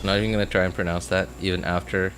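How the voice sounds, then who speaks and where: A man's voice: low voice, little pitch movement, fast, fairly bright tone, soft background music. A man streaming a video game, talking casually in a rambling way full of filler words and often laughing at himself. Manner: self-amused, laughs often. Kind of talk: casual chat while gaming.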